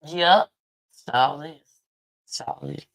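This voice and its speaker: Middle-aged woman, low voice, chatty show host, laughs a lot, teasing. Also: extremely slow, creaky. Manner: laughs often, animated and teasing. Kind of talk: casual chat.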